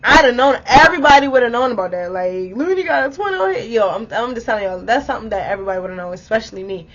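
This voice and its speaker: A woman in her twenties telling a story in a casual vlog, animated and exclamatory, swearing freely and talking straight to her viewers. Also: medium pitch, rapid-fire. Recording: dull lo-fi audio.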